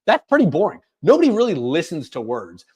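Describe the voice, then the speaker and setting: A man presenting a career coaching webinar, talking quickly and energetically with frequent restarts. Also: on the high side, breathy edge. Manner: fast, energetic delivery with many restarts. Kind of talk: webinar talk.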